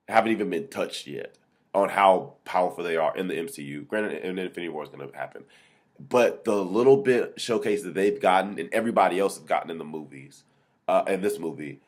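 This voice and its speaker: A man with a fairly low voice hosts his own movie review vlog. He speaks unscripted and gets excited, rambling from point to point. He often stops mid-sentence to correct or restart himself.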